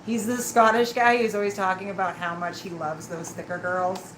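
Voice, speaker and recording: A woman's voice: medium pitch, level tone, normal speed, rough recording. A woman doing a live-stream tarot reading, chatting and teasing with her viewers and laughing often. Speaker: tarot reader. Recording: clear background noise.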